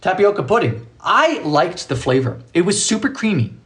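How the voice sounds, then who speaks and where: This British man runs a baking livestream from his kitchen, reading viewer comments and chatting playfully. His pitch swings widely, high to low, in a theatrical manner, while his pace stays moderate.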